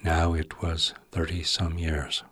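A man's voice: rumbling low, monotone, slow, a bit bright, husky, dry recording, studio quality. A man narrating literary fiction in a wry, intimate storytelling manner.

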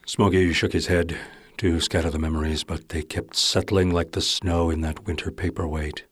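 A man reads literary fiction aloud with a wry, intimate touch. His voice sits low and carries a husky grain. The recording is dry, with no room sound. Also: little pitch movement, normal speed, no room sound. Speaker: narrator. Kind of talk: audiobook narration of literary fiction.

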